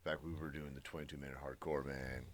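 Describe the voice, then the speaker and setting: A man co-hosting a podcast, telling a workout story in a lively, casual way with exclamations. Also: extremely low pitch, fast talker. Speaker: podcast co-host. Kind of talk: casual chat.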